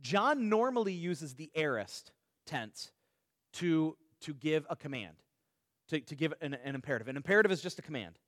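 Animated male Bible teacher, lively pitch. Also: no echo, clean studio sound. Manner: animated, explains with everyday examples and rhetorical questions; frequent quick restarts and repeated words. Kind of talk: conversational Bible study teaching.

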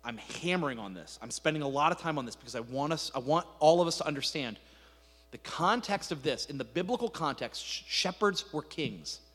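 A man preaching a sermon, retelling a scripture story in an animated, casual way with asides. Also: fairly high pitch, a little fast, breathy edge. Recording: echoey hall reverb.

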